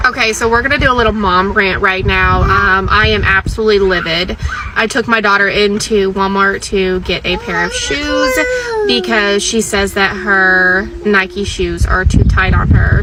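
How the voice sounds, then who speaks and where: A woman's voice: mid-range voice, very noisy. A mother telling a long, rambling story in an exasperated rant. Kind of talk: venting mom rant.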